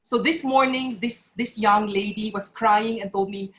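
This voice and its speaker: A woman's voice: mid-range voice, steady tone, unhurried, few pauses, poor audio. Earnest woman giving a heartfelt talk. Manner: earnest and emotional, voice breaking at times. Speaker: speaker at a parents' forum. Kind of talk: emotional public talk.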